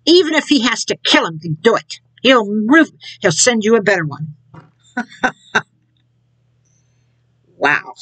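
Preaching informally to people online, this woman mocks her subject, laughing at it and imitating others' words with scorn. Her voice sits mid-range with a fairly bright tone. The audio is dry and rough.

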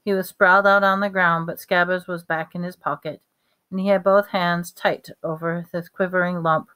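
A woman reading a novel aloud at a steady pace, with small slips and restarts. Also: on the low side, moderate pace, smooth. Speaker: reader.

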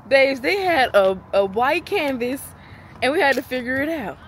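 A woman's voice: sits high, lively intonation, normal speed, slight background noise. Chatty young woman vlogging casually. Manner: chatty, slangy, laid-back. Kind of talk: casual vlog talk to camera.

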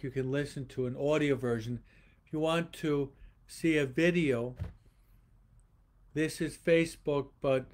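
A priest giving a homily to an online audience, slowly repeating rhetorical questions and often pausing and restarting mid-sentence. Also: male voice, a little high. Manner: slow, repetitive preaching with rhetorical questions; pauses and restarts often, speaking to online viewers. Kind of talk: livestreamed homily.

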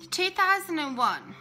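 A woman chatting casually to viewers on a live phone video from home, emotional and quick to laugh, a little out of breath. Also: sits high, bright, forceful tone. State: slightly out of breath. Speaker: Christian vlogger.

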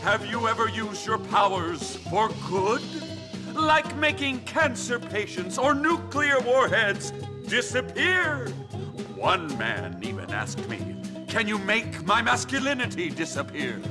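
A man's voice: high voice, big pitch swings, takes it slowly, full character voice. An actor playing a smug, sarcastic male nightclub magician in a video game cutscene, with showy stage patter. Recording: game audio with music under it.

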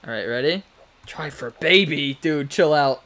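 A let's play gamer gives casual, chatty commentary on his own gameplay, talking to the game's characters and laughing often. His voice is on the high side and fairly bright, and he speaks a little slowly.

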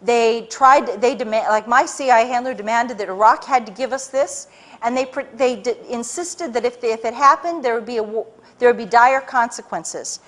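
A woman speaking to a live audience, telling her story in an animated way with many restarts and acted-out quotes. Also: on the high side, normal speed. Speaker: public speaker.

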